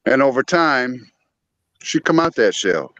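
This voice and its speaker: A man's voice: medium pitch, very animated, unhurried, fairly bright tone, dry recording, dull audio. A man talking as a guest on a morning talk show, earnest and storytelling, acting out old arguments in his voice. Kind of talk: casual talk show chat.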